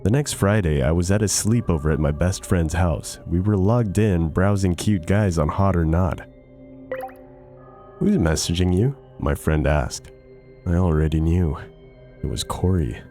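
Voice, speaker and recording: A man narrates horror stories in a measured, suspenseful scripted read. His voice is low and steady. Quiet music plays underneath. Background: soft music.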